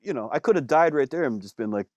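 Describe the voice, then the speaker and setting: A man, a musician guest, telling stories in a casual interview, animated, with lots of fillers and some swearing. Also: mid-range voice, quick pace, dry recording.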